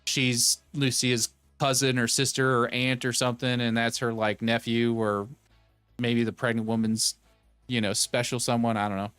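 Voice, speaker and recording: Male streamer, 30s, mid-pitched, smooth voice, jokey rambling chat, dry close mic. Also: little pitch movement, moderate pace, fairly bright tone, dry recording, soft background music. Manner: rambling, joking, reads chat aloud and riffs on it. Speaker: streamer host. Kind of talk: casual live-stream chat.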